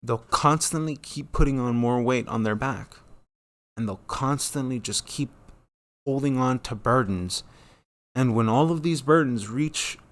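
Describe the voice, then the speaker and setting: A man in his thirties hosts a solo talk channel, giving a casual, profane monologue at a measured pace. He rambles and loses his train of thought, and he acts out quoted lines in a jumpy voice that rises suddenly in pitch.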